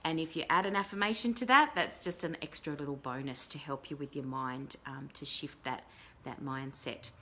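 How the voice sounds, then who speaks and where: A woman's voice: deep voice, moderate pace, sharp tone. A middle-aged woman hosting a casual talk show as a life coach, chatting in a rambling way with many fillers and restarts. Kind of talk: casual live-stream talk.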